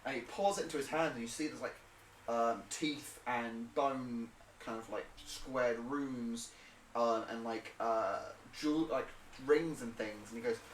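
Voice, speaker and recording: A man's voice: medium pitch, a little slow, a little hiss or hum. A man narrating a tabletop game as game master, rambling with many fillers and hesitations. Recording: roomy and distant.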